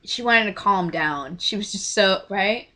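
A young woman telling a story to camera in a casual, gushing way, often trailing off into quiet asides. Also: medium pitch, animated, a little slow. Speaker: vlogger.

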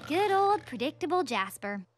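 An actress voicing a cheerful, plucky young fairy heroine in a cartoon. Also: female voice, sits high, very animated, normal speed, faint music behind. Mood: chirpy. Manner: chirpy, upbeat, fond of exclamations.

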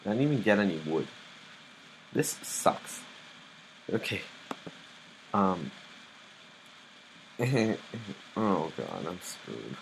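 A young man talks himself through a game, jumpy and easily startled. His voice sits low and his pace is slow and drawn out. A steady hiss of noise runs under the home recording. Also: vocal fry, poor audio. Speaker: gamer playing live. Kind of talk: live gameplay commentary.

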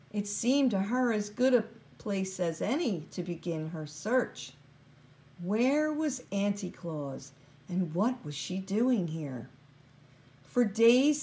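Slow, gentle woman reading a storybook. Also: mid-range voice. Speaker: storybook reader. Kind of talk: children's book read-aloud.

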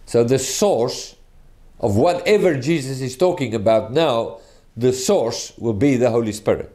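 A man's voice: medium pitch, animated, mellow. Earnest man teaching a sermon. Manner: earnest, deliberate, with frequent restarts. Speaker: preacher.

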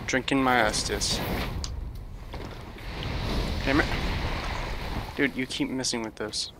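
A man's voice: medium pitch, steady tone, takes it slowly, long pauses, background noise. A young man casually commenting on his own gameplay as a streamer, laid-back and grumbling with swears at opponents. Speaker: game streamer. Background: game music.

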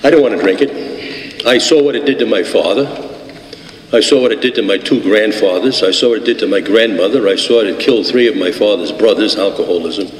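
A man's voice: fairly low pitch, brisk, a little hiss or hum. A man in his eighties with a Brooklyn accent, telling his life story to a meeting audience in a rambling, wry way, full of fillers and restarts. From Brooklyn, New York. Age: 80s. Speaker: recovery meeting speaker. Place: meeting hall. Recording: echoey hall from the audience.

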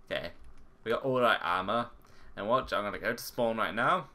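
A man's voice: fairly low pitch, fairly quick, pushed and bright, a little hiss or hum. A man giggling through casual gameplay commentary, goofing around with silly voices.

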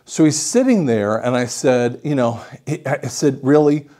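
A male audiologist explaining a patient case as a lively story, acting out what the patient said. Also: mid-range voice, unhurried. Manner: animated storytelling, acts out the patient's lines.

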